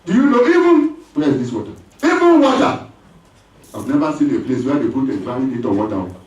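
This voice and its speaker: Man, pastor, preaching, lively rising and falling pitch, booming church echo. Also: fairly quick. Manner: animated preaching with call-and-response and acted voices. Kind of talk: sermon. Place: church hall. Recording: echoey church hall from far off.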